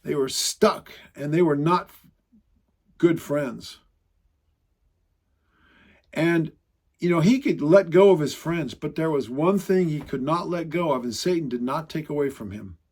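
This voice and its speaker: Emphatic high-voiced male Bible teacher. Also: a little mellow. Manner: emphatic, conversational, quotes scripture with dramatic slowdowns. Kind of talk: sermon teaching.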